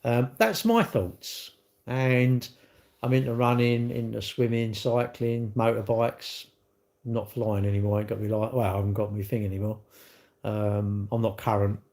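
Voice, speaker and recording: A man's voice: on the low side, normal speed, darkish tone. A man hosting a casual live stream, rambling and blunt as he reads out viewer comments and laughs often.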